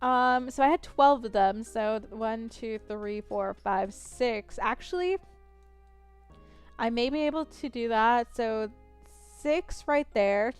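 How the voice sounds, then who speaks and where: A woman's voice: fairly high pitch, slow pace, clean tone, faint music behind. A woman in her twenties chatting casually while playing a game, rambling, counting aloud and poking fun at herself. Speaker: gaming streamer.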